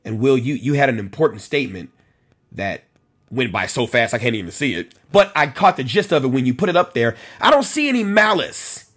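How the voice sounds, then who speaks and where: A man talks through a live stream, reading viewer comments aloud and answering them one by one. His voice is husky and his pitch moves a lot as he makes his points. He keeps circling back to the same phrase to press it home. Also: sing-song, a little fast, a bit bright. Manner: conversational, repeats phrases for emphasis, addresses commenters by name. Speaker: host of a policing talk show.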